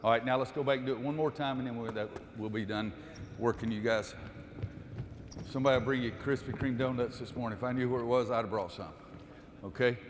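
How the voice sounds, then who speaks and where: A basketball coach leads a clinic in a gym, shouting quick cues to players running drills. Between drills he turns and explains the defense plainly to the audience. His voice carries a long reverb off the hard walls, with faint room noise underneath. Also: medium pitch, fairly even intonation.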